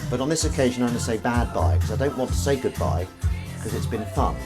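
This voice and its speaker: A man's voice: medium pitch, expressive, fast. Guy streaming from home, goofy wordplay, voice bouncing all over, music playing under him. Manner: playful, rambling wordplay. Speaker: live stream host. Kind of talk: casual live-stream chat.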